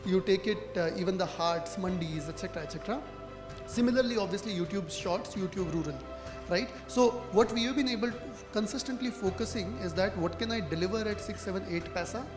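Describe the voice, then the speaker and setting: A man's voice: sits high, fairly quick. A man with an Indian English accent speaking as a marketing panelist at a conference, talking in a conversational way with frequent tag questions. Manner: conversational, frequent fillers like "right?" and "you know". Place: conference hall. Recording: echoey hall with music.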